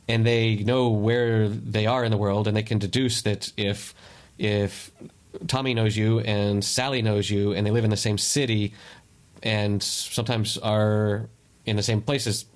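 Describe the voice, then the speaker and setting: A man's voice: lowish voice, little pitch movement, unhurried. A man co-hosting a podcast in casual chat, giving meandering explanations with many restarts. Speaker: podcast co-host.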